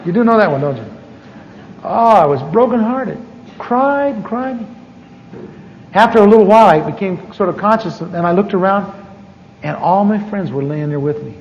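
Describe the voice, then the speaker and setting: High-voiced pastor telling jokey stories. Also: male voice, normal speed, creaky, pauses often, dull audio. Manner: animated and joking, acting out his own past prayers. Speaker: pastor teaching a class. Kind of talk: humorous storytelling lecture. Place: large church conference hall. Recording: live hall recording with long reverb and faint hiss.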